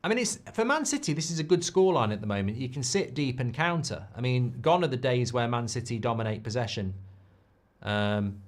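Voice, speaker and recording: A man's voice: mid-range voice, lively intonation, fairly quick. A man hosting a live football watchalong, chatting casually and reading out viewer messages between comments on the match. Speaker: football livestream host.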